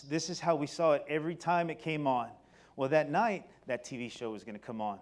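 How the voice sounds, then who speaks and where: Animated man telling a life story. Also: brisk. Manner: animated, swings between loud excited bursts and quiet low passages. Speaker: company speaker. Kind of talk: personal storytelling talk. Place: stage before an audience.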